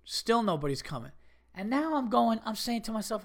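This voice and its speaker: A man telling a story on his podcast in a loose, conversational way. He curses freely, and his voice swings up into sharp, indignant outbursts before dropping back to an easy, chatty tone. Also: sits high, a little fast. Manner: animated, swearing, rising to indignant bursts. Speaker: podcast host. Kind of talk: casual storytelling monologue.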